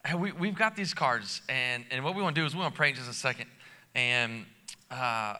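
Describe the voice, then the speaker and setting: Man, lead pastor, live sermon, casual rambling delivery, very bright tone, long church-hall reverb. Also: medium pitch. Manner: casual, rambling, energetic with many fillers. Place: large church auditorium.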